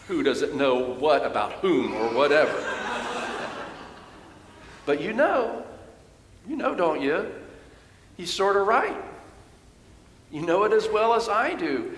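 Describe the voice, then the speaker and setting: A man, a pastor, preaching a sermon in a church and telling a story, lively when he quotes others. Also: high-pitched, a little hiss or hum. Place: church sanctuary. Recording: echoey church hall with long reverb.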